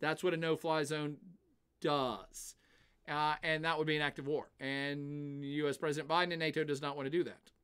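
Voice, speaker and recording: Animated older man answering chat. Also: a little high, moderate pace, clean tone. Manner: animated, laughs often, puts on silly voices. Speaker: livestream host. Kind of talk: casual livestream chat, answering chat questions.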